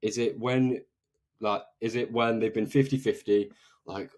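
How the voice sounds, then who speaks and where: A young man giving a motivational sales talk, emphatic and energetic, often tagging his points with "okay?". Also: fairly low pitch, a little slow. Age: 20s. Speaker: sales coach.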